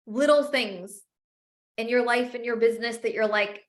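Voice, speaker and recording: A woman's voice: a little high, moderate pace, roomy sound. A woman sales coach teaching a live masterclass, speaking with passion and emphatic repetition.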